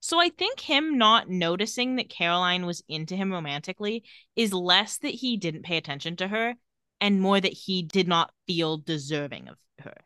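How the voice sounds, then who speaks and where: Woman podcast co-host retelling scenes with animated delivery, in a dry room. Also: fairly low pitch, moderate pace, smooth, no echo. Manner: animated retelling, acting out quoted lines. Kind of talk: casual recap chat.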